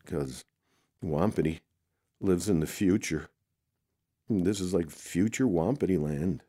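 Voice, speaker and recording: A man with a very low, dark voice improvises a rambling make-believe story, full of "oh boy" exclamations. The sound is dry and close, with no room around it. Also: slow pace, no echo.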